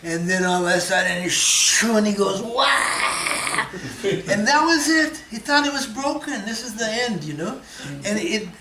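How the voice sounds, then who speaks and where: Man, bright animated storyteller voice, roomy hall sound, faint noise behind. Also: sits high, moderate pace. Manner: animated storyteller, imitates sounds, laughs often. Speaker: Buddhist teacher telling stories. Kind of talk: storytelling talk with interpreter. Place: meditation centre hall.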